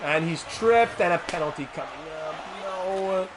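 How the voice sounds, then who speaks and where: A high-pitched man speaks at normal speed with a noisy background. He narrates his hockey video game stream like a sportscaster doing play-by-play, turning to chat with viewers between plays.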